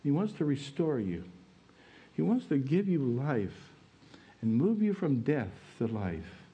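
A pastor preaching a sermon, telling a personal story in an earnest, plain way. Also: male voice, medium pitch, big pitch swings, a little slow, dull audio.

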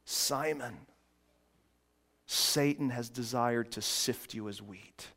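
A man preaching a sermon, moving from quiet reflective passages to loud, emphatic preaching. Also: medium pitch, slow pace. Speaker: pastor.

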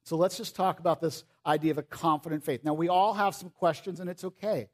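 A man preaching a sermon, animated, acting out quoted voices and dropping to soft pleading. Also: fairly high pitch, fairly quick. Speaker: pastor.

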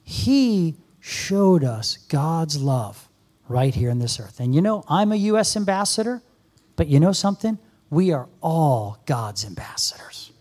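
In an earnest sermon to a live church congregation, a guest speaker in his fifties addresses the audience directly. He has a high voice with a darkish tone.

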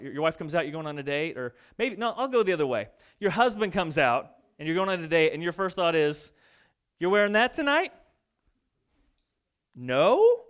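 Animated high-voiced preacher man. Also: clear, resonant tone. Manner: fast-talking, animated, mimics people in quick asides. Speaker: pastor. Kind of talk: sermon.

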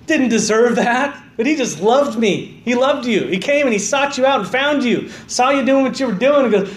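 Man, pastor, sermon, high voice, swings quiet to fervent, roomy hall. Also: expressive, normal speed. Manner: swings from quiet, low emphasis to loud, fervent calls of "amen". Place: church sanctuary.

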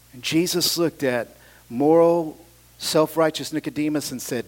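A middle-aged man preaching a sermon, animated, with casual slang and shouts of hallelujah, swinging between loud passages and quiet asides. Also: a little high, brisk. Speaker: pastor.

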